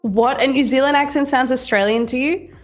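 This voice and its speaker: A woman's voice: sits high, fairly quick. Chatty woman co-hosting a trading stream. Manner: chatty, reads out chat messages. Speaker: trading show co-host. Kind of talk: casual live-stream chat. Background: faint music.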